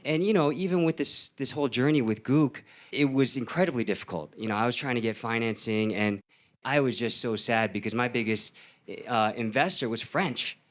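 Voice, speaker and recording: A man speaks as a guest on a panel, recounting his experiences with earnest emphasis. His voice sits at a middling pitch for a man, and his delivery is steady and heartfelt. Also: moderate pace. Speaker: filmmaker on a panel. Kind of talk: panel talk.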